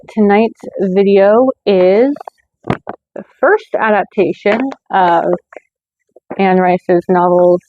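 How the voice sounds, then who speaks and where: A woman's voice: mid-range voice, no echo, narrow, tinny audio. A woman hosting her own movie review channel, talking in a chatty way with lots of fillers and self-corrections. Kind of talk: casual scripted review.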